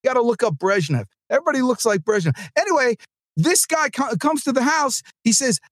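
A man hosting a sales podcast, giving an energetic, joking pep-talk monologue into a close mic. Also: very high-pitched, fairly quick, dry recording.

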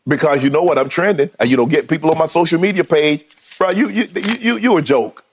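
A man's voice: fairly high pitch, fast, slightly rough. A man arguing heatedly in a sports debate, emphatic, often stammering and restarting his sentences.

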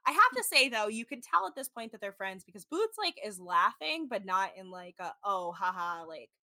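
A woman's voice: a little high, big pitch swings, a little fast, pushed and bright, no echo. A woman hosting a casual podcast, recapping a reality show in a chatty way with lots of "like". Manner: chatty, heavy use of "like", mimics people in quotes. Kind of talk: casual chat.

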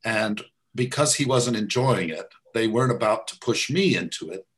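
Relaxed American man, wry storyteller. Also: fairly low pitch, moderate pace. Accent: American Midwest. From United States. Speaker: guest conductor. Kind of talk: casual interview chat.

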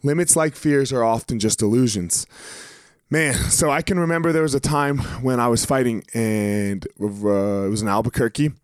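A man's voice: mid-range voice, moderate pace, smooth, no echo, studio quality. A man, a former professional fighter, talking casually and motivationally, with blunt swearing and repeated words for emphasis.

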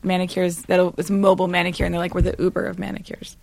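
A woman guest in a casual podcast chat, blunt and deadpan. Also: lowish voice, quick pace, vocal fry, dry recording.

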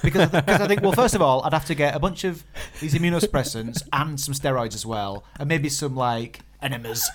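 A man's voice: fairly high pitch, fairly quick, few pauses, slight background noise. A man co-hosting a podcast, chatting casually and joking, with lots of fillers and restarts. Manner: joking, rambling with many fillers. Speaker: podcast co-host. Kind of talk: casual chat.

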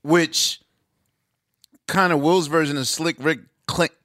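A man's voice: a little high, fairly even intonation, slow, sharp tone, no echo, clean studio sound. Enthusiastic man hosting a chat. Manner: enthusiastic, breaks down music with spoken examples. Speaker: podcast host. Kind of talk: casual interview chat.

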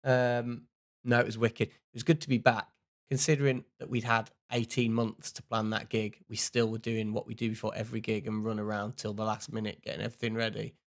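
A man's voice: on the low side, little pitch movement, fairly quick. A man co-hosting a podcast, chatting in a rambling, self-mocking way. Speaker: podcast co-host. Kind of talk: casual chat.

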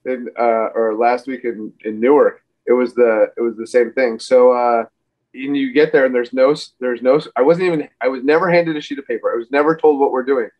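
Man in his forties, mid-pitched, rambling interview guest, slightly muffled audio. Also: fairly even intonation, fairly quick. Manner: rambling, full of fillers and restarts. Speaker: podcast guest, wrestler. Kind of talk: casual interview chat.

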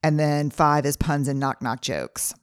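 A woman's voice: low voice, steady tone, unhurried, smooth, no room sound, studio quality. A middle-aged woman hosting her own podcast, talking earnestly through numbered advice in a solo monologue. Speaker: podcast host.

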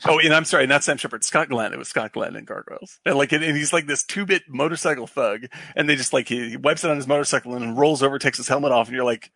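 A man's voice: medium pitch, fast, vocal fry, few pauses, bright, forceful tone, dry recording. A man hosting a casual chat about old films, rambling and swearing, with a worn-out voice. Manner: rambling, swearing, laughing often.

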